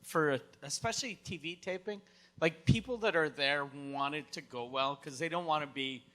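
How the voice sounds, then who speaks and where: A man's voice: on the high side, moderate pace, a bit bright. A man co-hosting a podcast, laid-back and joking, chiming in with short replies. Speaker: podcast co-host. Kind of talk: casual podcast chat.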